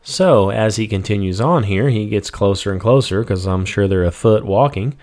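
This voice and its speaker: A man's voice: on the low side, moderate pace. A man in a casual Bible study, reading verses and then restating them in plain, everyday words, with "you know" and "um". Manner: reads scripture then paraphrases it plainly; relaxed, with fillers like "you know" and "um". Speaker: Bible teacher.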